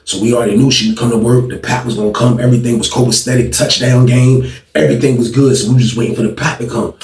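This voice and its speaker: A man telling a story from his past in a casual, animated way, full of slang and repeated lines, acting out what people said. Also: mid-range voice, quick pace. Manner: animated, slangy, repetitive, acts out quotes. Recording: echoey room, distant mic.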